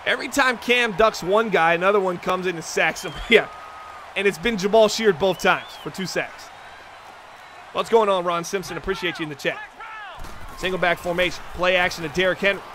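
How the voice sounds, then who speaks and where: A man hosting a football video game livestream, calling the plays in excitable play-by-play and chatting to viewers. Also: high-pitched, a little fast, slight background noise. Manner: excitable, chatty, talks straight to the chat viewers. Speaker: livestream host and commentator.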